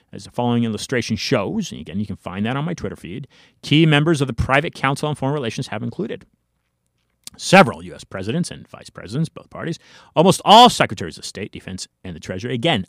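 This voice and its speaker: An American man hosts his own commentary show and reads passages aloud between pointed, sarcastic asides. His pitch swings widely as he presses his points and stumbles over words. The sound is dry and close, with no room around it. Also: a bit bright, dry recording. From United States. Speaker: political commentary show host. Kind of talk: solo commentary reading from an article.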